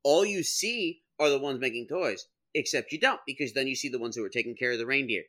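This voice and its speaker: A man co-hosting a casual comedic debate, animated and laughing often as he argues his side. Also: mid-range voice, fast talker. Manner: animated, laughs often, quotes people in put-on voices. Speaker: podcast co-host.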